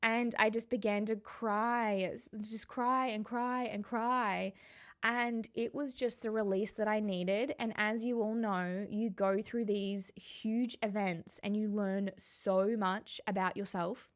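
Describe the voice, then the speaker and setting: Woman, spiritual coach, personal story to camera, heartfelt, reflective, unhurried on emotional words. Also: mid-range voice, fairly even intonation.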